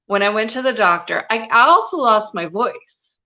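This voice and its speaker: A woman's voice: mid-range voice, lively intonation, moderate pace, bright, forceful tone, lo-fi sound. A woman guest telling a personal story in a live interview, earnest and confiding, with many "you know" fillers. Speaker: guest, spiritual and business mentor.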